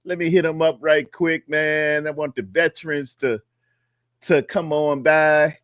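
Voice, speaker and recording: A man's voice: on the high side, steady tone, measured pace, fairly bright tone, no room sound. Guy running a football fan stream, easygoing, repeats himself a lot, dry close sound. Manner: loose and repetitive, calls out viewers. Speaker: sports show host. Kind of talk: casual livestream chat. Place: home studio in North Carolina.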